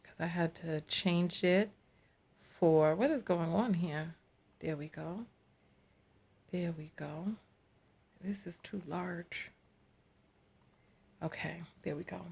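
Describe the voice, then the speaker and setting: A woman's voice: lowish voice, slow pace, vocal fry, long pauses, darkish tone, husky. Chatty woman doing live reaction commentary. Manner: chatty, talks to viewers as y'all, incredulous. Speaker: reaction streamer.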